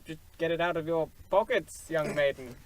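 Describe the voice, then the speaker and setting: A man's voice: a little high, normal speed. A man on a comedy panel, improvising a shopkeeper with playful put-on voices.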